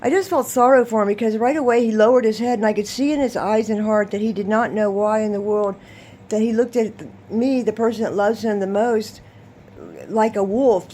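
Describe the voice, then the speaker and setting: A woman vlogging, telling a rambling, animated story and laughing often as she talks. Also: on the high side, brisk, slight background noise. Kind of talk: casual storytelling to camera.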